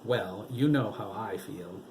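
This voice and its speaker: A man's voice: fairly low pitch, slow, darkish tone, a little hiss or hum. A man voicing a flamboyant male tailor who talks with a lisp in a campy, theatrical way. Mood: flirty.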